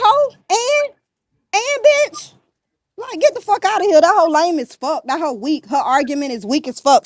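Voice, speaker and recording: A woman's voice: high-pitched, no echo. A woman guest on a podcast, ranting bluntly and defiantly, cursing and throwing insults nonstop. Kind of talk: heated rant in an interview.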